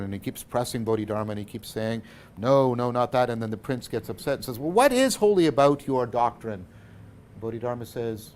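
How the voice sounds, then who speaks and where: This lecturer's voice is on the low side, with a bit of hiss or hum in the audio. He works through philosophy as he speaks, correcting himself regularly, checking in with "right?", and moving between forceful emphasis and quiet asides.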